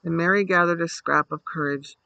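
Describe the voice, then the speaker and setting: A man reading a bedtime story aloud in a steady, measured way. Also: on the high side, gravelly, rough recording.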